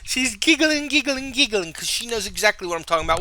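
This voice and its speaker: A middle-aged man hosting a rambling, self-mocking podcast from home, goofy and excitable, laughing at himself. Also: sits high, quick pace, hardly any pauses, slight background noise. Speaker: podcast host. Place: home room. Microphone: camera mic.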